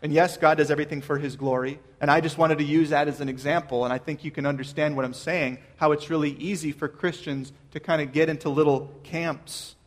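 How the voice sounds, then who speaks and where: Guy pastor with a pretty high voice, preaching earnest and measured, asks the church lots of questions. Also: fairly even intonation. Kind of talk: sermon.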